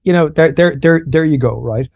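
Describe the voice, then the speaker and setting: A man's voice: on the high side, normal speed, creaky, a little mellow, no echo, highs cut off. An Irish man co-hosting a podcast, talking casually and self-deprecatingly, explaining ideas with lots of restarts. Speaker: podcast co-host.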